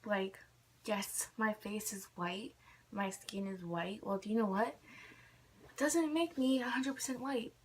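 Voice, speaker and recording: A bit of hiss or hum sits under this clip of a young woman vlogger talking a little slowly in a medium-pitched voice. Casually ranting and clearly irritated, she uses "like" constantly.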